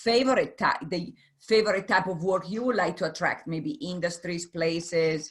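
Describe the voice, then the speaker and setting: Host: woman, lowish voice, halting encouraging chat over a video call. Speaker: host of online business meeting.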